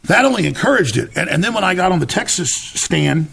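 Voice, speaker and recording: A man's voice: sits high, big pitch swings, a little fast, creaky, a bit bright, husky. A man as an interview guest, telling his story emphatically, restarting words and acting out what others said. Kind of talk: animated storytelling in conversation.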